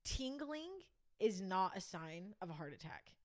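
Young woman telling an animated story. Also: lowish voice, measured pace. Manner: animated storyteller, laughs often, acts out quotes. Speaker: podcast co-host. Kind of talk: casual chat.

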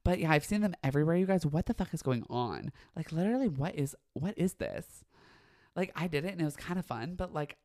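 A man's voice: fairly high pitch, lively intonation, brisk, darkish tone. A young man hosting his own podcast, talking in a campy, dramatic, gossipy way and swearing freely. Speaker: podcast host. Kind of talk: casual solo podcast chat.

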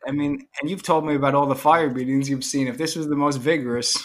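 A man's voice: on the high side, steady tone, fast talker. A man co-hosting a podcast, chatting casually in a joking, slightly stammering way. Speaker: podcast co-host. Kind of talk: casual chat.

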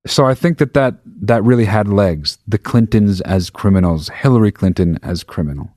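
Profane rambling man with a mellow, low voice. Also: moderate pace, dry recording, clean studio sound. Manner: profane, rambling, animated retelling. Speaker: podcast host. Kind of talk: casual storytelling monologue.

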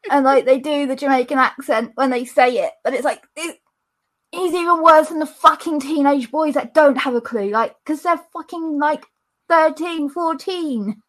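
A woman's voice: high-pitched, normal speed, fairly bright tone. A young woman guest in a casual podcast chat who sounds sarcastic and swears.

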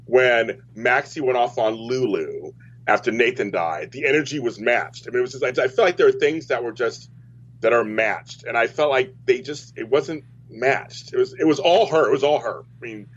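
Guy hosting a soap chat, rambly, restarts a lot, kinda husky, muffled audio. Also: medium pitch, normal speed. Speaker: soap opera show host. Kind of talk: casual chat. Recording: dull lo-fi audio.

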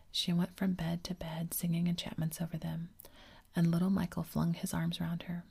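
A woman reading a classic children's story aloud in a steady whisper. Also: fairly low pitch, normal speed, creaky, slightly rough. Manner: whispered throughout.

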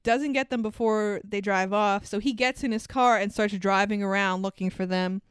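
A woman's voice: mid-range voice, normal speed, clear, resonant tone, no echo, studio quality. A woman co-hosting a podcast, casually recapping a movie with frequent swearing and laughter. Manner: laughing, profane, animated retelling. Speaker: podcast co-host.

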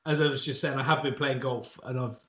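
A man's voice: medium pitch, fairly even intonation, brisk, fairly bright tone. A West Country man hosting a podcast in casual, jokey, rambling banter, a bit tipsy. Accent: West Country English. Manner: jokey, rambling, self-mocking. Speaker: podcast host.

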